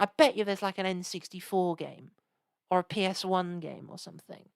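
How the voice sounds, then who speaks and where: A woman's voice: mid-range voice, no room sound. A woman chatting casually and rambling while she live-streams old games. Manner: rambling, chatty, lots of restarts and asides.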